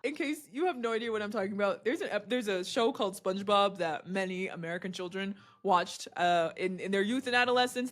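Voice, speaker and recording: A young woman, a podcaster and video host, giving a casual motivational talk to camera, animated and laughing often, with big swoops in pitch.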